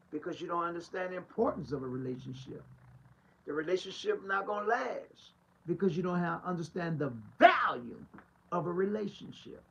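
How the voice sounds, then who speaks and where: A man preaches in a streetwise, emphatic way, firing off rhetorical questions and repeating his points. His voice sits fairly high and swings widely in pitch. The tone is gravelly and husky. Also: a bit bright, low-quality recording. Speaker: pastor. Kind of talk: street-style preaching monologue.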